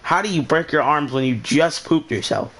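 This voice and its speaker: A man's voice: fairly high pitch, moderate pace, a bit bright. A young man hosting his channel, telling a rambling story in a casual way and asking why again and again in exasperation. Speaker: channel host.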